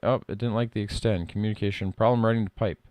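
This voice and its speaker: A man's voice: fairly low pitch, steady tone, fast, darkish tone, no room sound. Man, middle-aged, casual live-coding talk, mutters code aloud, dry close sound. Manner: mutters through code, reading lines aloud.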